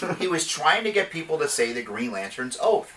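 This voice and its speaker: A man's voice: fairly high pitch, big pitch swings, a little fast, pushed and bright. A man hosting a casual geek talk show, rambling through stories with lots of restarts. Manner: rambling storyteller, restarts and self-corrections. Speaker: podcast host. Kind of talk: casual chat. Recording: distant from the mic.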